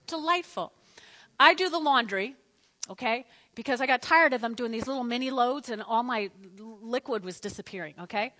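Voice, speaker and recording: A woman preaching a sermon in a church, animated and repetitive, calling on the congregation to respond. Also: fairly high pitch, a little fast, long reverb tail. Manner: animated, repeats phrases, asks the congregation to respond. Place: church sanctuary.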